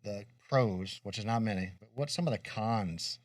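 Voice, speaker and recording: Middle-aged co-host, earnest and rambling, low voice, dry room, distant mic. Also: male voice, moderate pace, dry recording. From Kentucky. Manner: rambling, earnest, many restarts. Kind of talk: casual chat.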